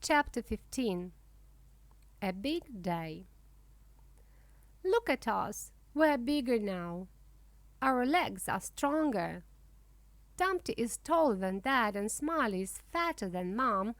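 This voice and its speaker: A woman reading a children's storybook aloud in simple, clear first-person storytelling. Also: a little high, very animated, takes it slowly, pauses often, dry recording. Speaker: storybook reader.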